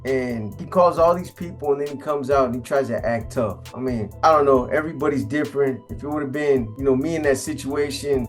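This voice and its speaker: A middle-aged man with a Californian accent telling a story casually, in blunt street slang, acting out the quoted voices. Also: medium pitch. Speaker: storyteller host.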